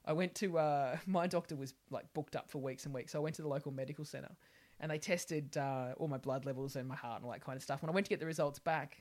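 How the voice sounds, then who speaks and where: A woman's voice: low voice, fast, darkish tone. An Australian woman in her forties, a podcast guest telling brash comic stories, laughing and swearing freely. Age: 40s. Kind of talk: comedic storytelling in a podcast interview.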